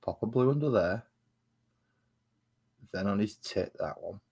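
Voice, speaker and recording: A low-pitched man with a husky, slightly rough voice talks through a live stream. He banters sarcastically with viewers and mutters to himself between remarks. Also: expressive, a little slow, a little mellow. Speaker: streamer painting miniatures. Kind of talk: casual live-stream chat.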